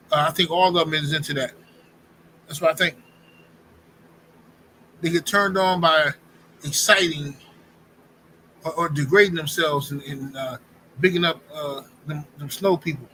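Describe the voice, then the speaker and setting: A man's voice: fairly high pitch, pushed and bright, a little hiss or hum, rough recording. A man in his forties hosting a livestream, talking bluntly and slangily in casual commentary. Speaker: livestream host.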